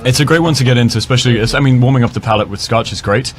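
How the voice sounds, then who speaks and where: A man's voice: mid-range voice, very fast, faint music behind. A man, a gin brand ambassador guest, chatting casually and joking. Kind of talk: casual chat.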